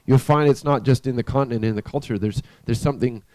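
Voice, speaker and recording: A man preaching in a church, telling a story in a conversational, halting way with frequent restarts. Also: medium pitch, a little mellow, no room sound. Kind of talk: storytelling sermon.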